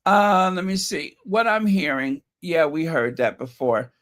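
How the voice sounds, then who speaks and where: A man's voice: high-pitched, sing-song, normal speed, hardly any pauses, a bit bright. A man hosting a casual commentary vlog, reading headlines aloud with sarcastic asides and chuckles, his voice a bit scratchy. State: slightly scratchy voice. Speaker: channel host.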